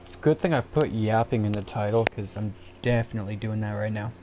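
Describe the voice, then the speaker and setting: A man with a somewhat low voice rambles in an easy, unhurried way during a solo live stream. He drifts from thought to thought and laughs at himself now and then. The audio is a bit dull and lo-fi, with a faint hiss underneath. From Canada. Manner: rambling, laid-back, chuckles at himself. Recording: dull lo-fi sound with faint background noise.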